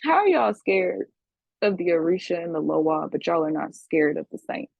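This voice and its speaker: A woman's voice: fairly low pitch, big pitch swings, moderate pace, gravelly, no echo, highs cut off. A woman teaching a class, scolding her students with profanity and repeating herself for emphasis. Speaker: spiritual teacher. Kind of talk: livestream class lecture.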